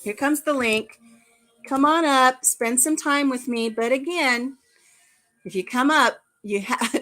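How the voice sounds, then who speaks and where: A woman's voice: high voice, slow pace, bright, forceful tone, faint music behind. A middle-aged woman chatting casually on her live stream. She rambles and jokes, laughing as she goes. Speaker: livestream host. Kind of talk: casual chat.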